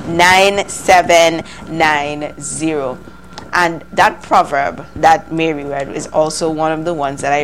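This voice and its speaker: A woman hosting a morning call-in radio show, cheerful and brisk and teasing her callers. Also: lowish voice, fairly bright tone, a little hiss or hum. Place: radio studio.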